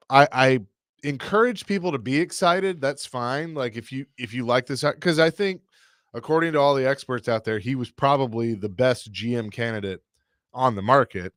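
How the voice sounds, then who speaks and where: A man's voice: mid-range voice, moderate pace, a bit bright, no room sound, clean studio sound. A man hosting a sports radio show, talking casually and opinionatedly, often restarting his sentences.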